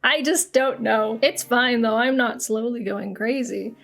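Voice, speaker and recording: A woman's voice: a little high, measured pace, gravelly, a bit bright, soft background music. A young woman hosting a casual question-and-answer chat to camera, bubbly and self-mocking, laughing often. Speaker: YouTuber host.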